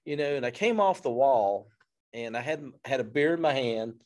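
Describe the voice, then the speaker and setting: A man tells a story with animated, self-deprecating humor. He speaks as a fire service instructor in an interview, and his voice sits in an ordinary middle pitch. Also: normal speed.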